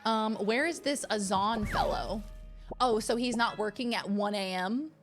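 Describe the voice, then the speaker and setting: A woman's voice: medium pitch, a little slow, over music. A woman streamer chatting casually and thanking viewers in a bubbly, talkative way. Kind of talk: casual live-stream chat.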